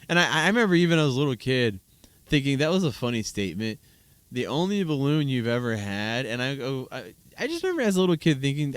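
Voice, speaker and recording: A man in his thirties hosts a solo podcast, reacting to videos in casual, rambling, amused chat and often restarting his sentences. His medium-pitched voice is sing-song, brisk and fairly bright, recorded clean with no echo.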